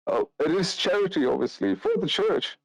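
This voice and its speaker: A courteous older village priest, as a man puts him on for a tabletop game, with a voice lifted well above his own low register. He speaks slowly and ceremoniously, with hesitant fillers. The sound is close and dry. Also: big pitch swings, gravelly, no room sound, full character voice, low-quality recording.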